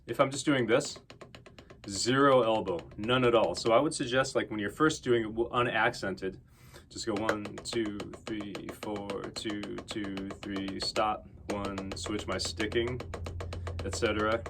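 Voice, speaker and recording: A man giving casual, relaxed drum lessons to his students, talking conversationally with plenty of fillers. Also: on the low side, a little slow, music in the background. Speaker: drum teacher. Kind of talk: casual instructional talk to students.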